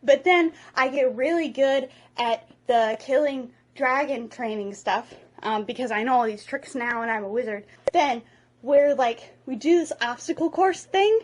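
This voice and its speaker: A woman's voice: sits high, unhurried. A woman vlogger giving a comedic movie retelling from memory, casual, profane and rambling.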